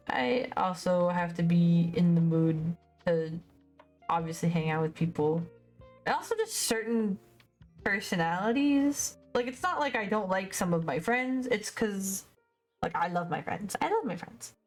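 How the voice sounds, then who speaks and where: A woman's voice: on the low side, animated, a little slow, a little mellow. A young woman streaming as she paints, chatting in a rambling way and often stumbling over her words. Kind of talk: casual livestream chat while painting. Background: faint music.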